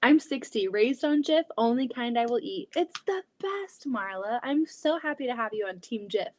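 A woman's voice: fairly high pitch, animated, moderate pace, a little mellow. A woman hosting a quilting livestream from her home basement, reading comments aloud in a chatty, giggly way full of restarts. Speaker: quilting channel host.

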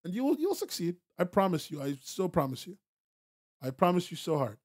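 A man's voice: sits high, sing-song, brisk. A man hosting a podcast, talking bluntly and casually to his stream chat, swearing freely and repeating himself for emphasis, laughing often. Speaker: podcast host.

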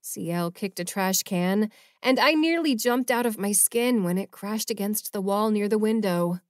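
A woman narrating a paranormal romance audiobook in first person, with a measured, expressive reading. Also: medium pitch, dry recording, clean studio sound.

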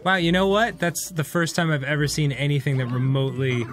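A man's voice: fairly high pitch, steady tone, a little fast, fairly bright tone. A man co-hosting a let's play, cracking crude jokes and laughing often. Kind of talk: casual gameplay commentary.

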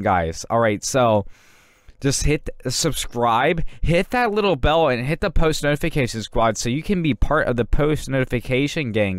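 A man parodying a hype gaming YouTuber, rushing through his lines and saying "guys" constantly. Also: medium pitch, no echo, clean studio sound, close to an everyday voice. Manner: rushed, says "guys" constantly.

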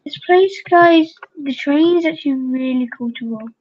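High-voiced excitable woman commenting on a game. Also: normal speed. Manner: excitable, chatty, talks to fellow players. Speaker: gaming channel host. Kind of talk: casual gameplay commentary. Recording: dull lo-fi home recording.

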